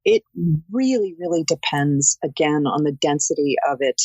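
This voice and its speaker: A woman audiobook narrator talking as a guest in an interview, articulate and expressive like a storyteller. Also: low voice, normal speed, husky, no echo, dull audio. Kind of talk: interview conversation.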